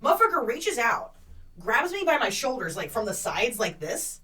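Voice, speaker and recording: A woman with a bright, forceful voice tells a story in loose podcast chat, cursing often and jumping into the voices of the people in it. She sounds a little distant from the mic. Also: a little high, normal speed. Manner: profane, animated storytelling with acted-out quotes. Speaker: podcast co-host.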